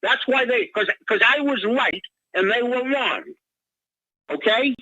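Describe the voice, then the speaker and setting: A man's voice: extremely high pitch, measured pace, sharp tone, no echo. Rambling, stammering male caller on a muffled line. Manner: rambling, stammering, many restarts. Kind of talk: call-in radio rant. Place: Boston area.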